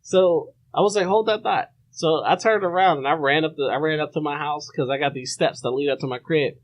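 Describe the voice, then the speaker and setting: A young man hosting a podcast, telling a story in a lively, animated way, often restarting and acting out the voices. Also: on the high side, a little fast. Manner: animated, restarts a lot, acts out the people in his story. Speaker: podcast host. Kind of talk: casual storytelling.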